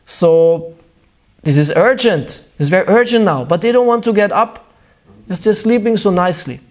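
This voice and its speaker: A man with a German accent gives a devotional sermon in English, which is not his first language. His voice sits high for a man. He tells stories with animation and sometimes gropes for the right word. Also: moderate pace. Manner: searching for words, animated storytelling. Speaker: spiritual teacher.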